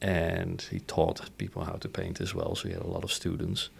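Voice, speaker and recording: A middle-aged company founder from the Netherlands, speaking with a Dutch accent, recalls his childhood in a casual interview. His low, gravelly, slightly rough voice is brisk and animated, and he laughs often and asks "right?"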